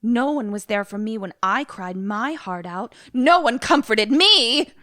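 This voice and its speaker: A woman voicing a cold, seductive witch who speaks in a breathy, affected way. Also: a little high, lively intonation, measured pace, bright, forceful tone, no room sound, studio quality. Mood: coldly affected.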